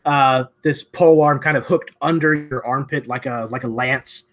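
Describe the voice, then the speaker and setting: A man's voice: medium pitch, fairly even intonation, normal speed, fairly bright tone. A man running a tabletop game as dungeon master, narrating scenes in a loose, descriptive way with many fillers.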